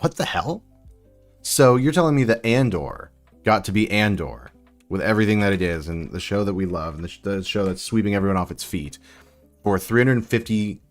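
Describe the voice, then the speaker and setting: Low-voiced male streamer, chatty and rambling, talking to chat over soft music. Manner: chatty, rambling, answers chat while building. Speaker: livestream host building sets. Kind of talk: casual live-stream chat.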